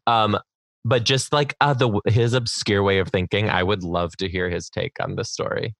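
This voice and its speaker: A man's voice: lowish voice, steady tone, normal speed, gravelly, fairly bright tone, no room sound, studio quality. A man hosting a casual chat, reacting bluntly and teasing his guest.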